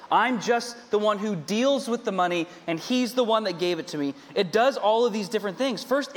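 High-pitched guy preaching a chatty sermon, repeats himself a lot, jokey asides, big echoey church hall. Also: fairly bright tone. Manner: conversational, repeats points, humorous asides. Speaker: pastor. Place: large church hall with a congregation. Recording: long hall reverb.

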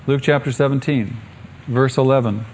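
A middle-aged male pastor preaching a sermon, rising to excited calls and asking the congregation questions. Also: mid-range voice, moderate pace, slight background noise.

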